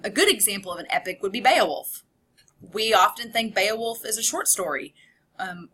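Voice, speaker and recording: A woman's voice: medium pitch, bright, forceful tone. A woman college English instructor giving a recorded online lecture in a conversational way, explaining with examples and asides.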